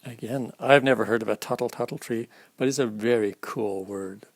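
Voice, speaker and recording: A man's voice: mid-range voice, normal speed, dry recording. A man reading a children's alphabet picture book aloud at storytime, stopping to explain the pictures to young listeners. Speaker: storytime reader.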